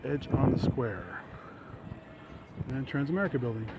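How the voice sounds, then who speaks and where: A man with a mid-pitched, ordinary voice rambles through a casual walking narration, stopping and restarting with plenty of ums and uhs. He is recorded outdoors on a handheld camera mic, with clear traffic and street ambience behind him. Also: expressive, normal speed. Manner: rambling, anecdotal, many fillers. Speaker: vlogger. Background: traffic and city ambience.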